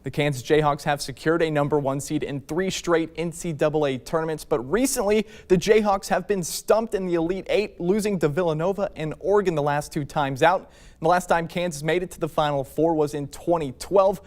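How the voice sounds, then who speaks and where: A man's voice: a little high, brisk, darkish tone. A man hosting a sports preview show, reading a scripted, upbeat introduction.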